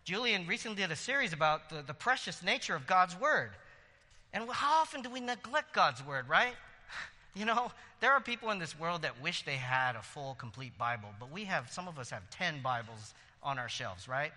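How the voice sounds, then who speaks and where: A man delivers a sermon in a church hall, chatty and animated, tossing out "right?" asides to his listeners. His voice is bright and forceful with a slightly higher pitch. A long reverb trails after each phrase. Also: normal speed. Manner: conversational, animated preaching with frequent "right?" asides and laughs. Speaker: pastor.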